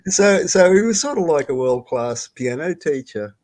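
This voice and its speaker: Older Australian man, casual halting storyteller, swears freely, video-call audio. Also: fairly high pitch, very animated, a little mellow. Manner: rambling, halting, swears freely, laughs often. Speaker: guest storyteller. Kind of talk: casual storytelling on a live stream.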